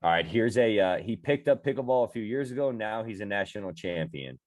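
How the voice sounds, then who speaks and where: A podcast host with a lowish, expressive voice talks fairly quickly in casual chat. He teases his guest, cracks jokes, and laughs often.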